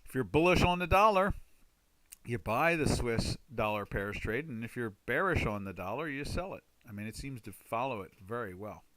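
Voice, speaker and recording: Chatty bright-voiced man hosting a webinar. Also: medium pitch, expressive, moderate pace, dry recording. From United States. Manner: chatty, rambling, exclaims loudly in frustration. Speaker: trading webinar host. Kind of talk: casual live webinar talk.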